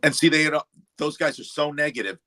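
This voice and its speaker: A man's voice: fairly high pitch, fast talker. An older man hosting a casual chat over drinks, telling stories and quoting movies. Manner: animated storyteller, quotes movies and friends. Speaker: livestream host.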